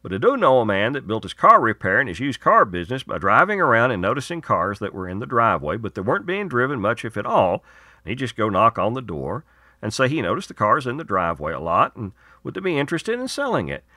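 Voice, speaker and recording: A man's voice: medium pitch, very animated, fast, sharp tone, no room sound, clean studio sound. A man hosting his radio show, reading segments and promos in a folksy, earnest, persuasive way.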